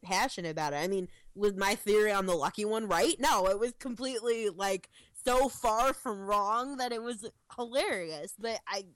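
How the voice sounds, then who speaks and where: A woman's voice: mid-range voice, a bit bright, no echo. A young woman co-hosting a podcast in casual chat, talking with many "like" fillers and quoting her own thoughts. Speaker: podcast co-host.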